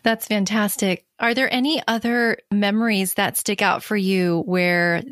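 A woman's voice: medium pitch, steady tone, measured pace, no echo, studio quality. A woman hosting a podcast interview, encouraging her guest and laughing often. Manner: warm, encouraging listener who laughs often. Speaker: podcast host. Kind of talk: interview conversation.

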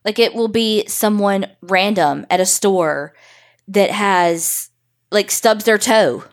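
A woman's voice: medium pitch, takes it slowly. Young adult woman, podcast co-host; emotional, rambling chat, reads listener letters. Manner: emotional, swears freely, rambling. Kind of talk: casual chat and reading listener stories.

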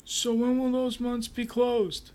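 A man's voice: very high voice, monotone, slow, a little mellow, voice pushed up. A man voicing an awkward new male boss who hesitates and fills his talk with "uh" and "um". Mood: hesitant. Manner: hesitant, full of "uh" and "um".

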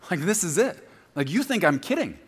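A man preaching a sermon as a pastor, swinging from loud shouts to quiet, close talk. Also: sits high, very animated, normal speed, breathy edge. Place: church sanctuary.

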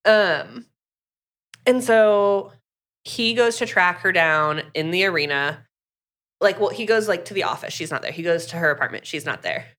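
At a normal speed and in a fairly low, slightly bright voice, a woman recaps a book as a podcast co-host. Her talk is casual, full of "like," and she performs the characters' lines.

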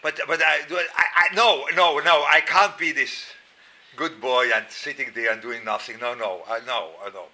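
This is a middle-aged Swiss man at normal speed and medium pitch, giving a Torah class lecture through lively, self-mocking stories. He repeats words and breaks into sudden loud outbursts.

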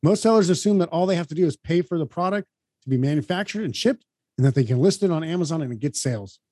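A male podcast co-host gives brisk, upbeat advice at a quick clip. His voice is mellow and a little high. The recording is dry and close. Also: animated, no echo. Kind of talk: casual explanatory podcast talk.

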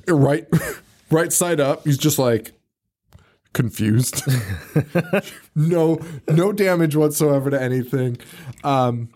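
A male podcast co-host recapping a film in casual chat, laughing often, swearing and acting out characters in quick voices. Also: on the high side, darkish tone.

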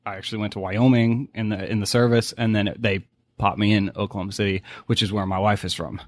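A man's voice: lowish voice, flat delivery, no echo. A man in his forties from Boston with a faint New England accent, a podcast guest telling stories in casual chat. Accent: faint New England, mostly masked. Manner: storytelling, quick asides.

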